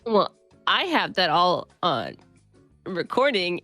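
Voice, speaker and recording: A woman's voice: fairly low pitch, sing-song, unhurried, bright, forceful tone, no room sound, soft background music. A woman playing an improvised tabletop game, melodramatic and swearing, laughing often. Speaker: guest player. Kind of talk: improvised tabletop role-play.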